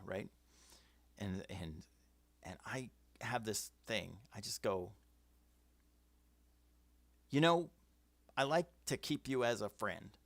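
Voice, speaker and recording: A man's voice: on the low side, vocal fry, a bit bright, dry recording. A man hosting a casual livestream, giving firm opinions and reading out viewer comments. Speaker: livestream host. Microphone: webcam setup.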